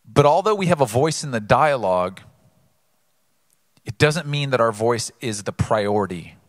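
A male pastor preaching a sermon, earnest and building to emphatic peaks before dropping low, an animated storyteller. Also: normal speed, dry recording, studio quality.

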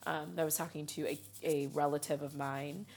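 Woman, low voice, animated storyteller, laughs often, casual chat. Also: normal speed, a little hiss or hum. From Chicago.

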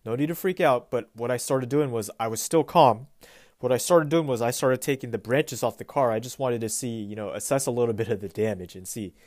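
A man hosting his own weekly podcast, telling a story in a relaxed, rambling way with fillers and restarts. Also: medium pitch, fairly quick, no echo, studio quality. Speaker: podcast host. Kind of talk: casual solo podcast storytelling. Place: Pacific Northwest US.

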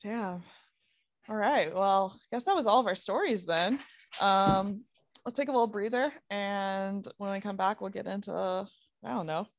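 A woman's voice: mid-range voice, unhurried. A woman co-hosting a casual podcast, reacting expressively with frequent laughter. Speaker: podcast co-host. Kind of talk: casual chat.

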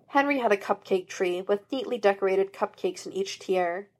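Woman reader, fan fiction narration, even and plain. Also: medium pitch, normal speed. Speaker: audiobook reader.

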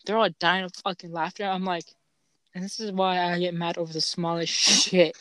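A man's voice: high voice, little pitch movement, normal speed, sharp tone, no room sound. A young man who stutters, hosting a casual chat and telling profane, laughing stories full of fillers. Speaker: podcast host.

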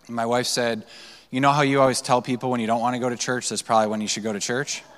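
A man's voice: mid-range voice, level tone, quick pace, a bit bright, a little hiss or hum. A male pastor preaching a sermon, telling personal stories in a loose, conversational way with fillers and restarts. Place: church sanctuary. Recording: long church hall reverb.

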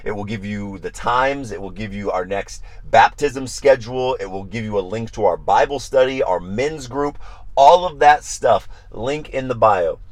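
A pastor, a man who talks passionately and says he gets loud, repeating his phrases in a devotional livestream talk. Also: lowish voice, normal speed, few pauses, dry recording.

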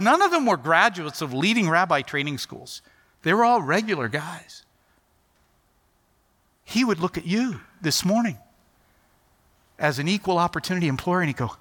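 A man's voice: high-pitched, sharp tone. A middle-aged man preaching a sermon, telling stories animatedly and acting out the dialogue. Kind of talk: sermon storytelling. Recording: long hall reverb.

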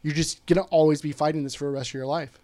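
A man guest telling a personal story in casual conversation, candid and quick to swear, often quoting what others said. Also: a little high, steady tone, dark tone.

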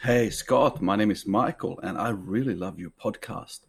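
Caller, male, lowish voice, accented English, hesitant with fillers. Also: normal speed, creaky, breathy edge. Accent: non-native English. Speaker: listener calling in a question.

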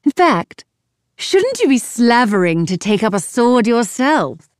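A woman narrator voicing a scheming, theatrical queen who taunts and mocks in a bright, raised voice. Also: on the high side, big pitch swings, a little slow, clear, resonant tone, no echo, clean studio sound, pitched above the performer's own voice. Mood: taunting. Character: scheming mocking royal queen, adult woman.

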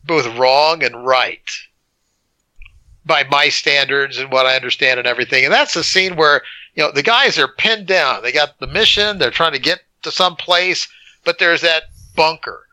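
A man co-hosting a casual movie review podcast, telling a scene as an animated storyteller who acts out the moments. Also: on the high side, normal speed, no room sound, low-quality recording. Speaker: podcast co-host.

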